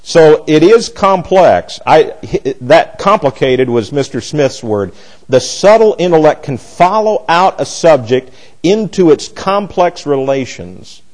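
A man's voice: fairly high pitch, big pitch swings, slow, a little mellow, rough recording. A man teaching a Bible class, blunt and emphatic, often restarting his sentences.

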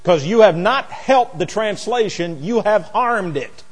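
A man's voice: sits high, expressive, measured pace, slightly rough, in a large hall. A man teaching a Bible lesson like a sermon, spelling out words letter by letter, with mocking asides. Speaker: preacher.

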